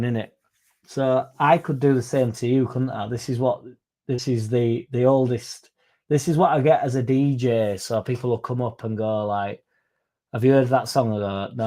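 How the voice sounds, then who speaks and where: Reading chat messages aloud on his laid-back livestream podcast, a young Yorkshire-accented host rambles and curses freely. He has a medium-pitched, somewhat dark voice.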